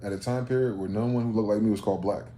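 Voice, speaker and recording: A man's voice: fairly low pitch, steady tone, rapid-fire, mellow. A man hosting a solo rant monologue, firing off rhetorical questions in a profane, combative way. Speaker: host. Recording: roomy echo, faint background noise.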